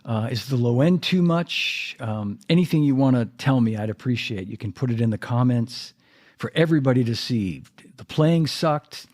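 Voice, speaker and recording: A man's voice: medium pitch, darkish tone. Rambling, self-deprecating male drummer host. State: losing his voice. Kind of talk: casual live-stream chat. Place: home drum room.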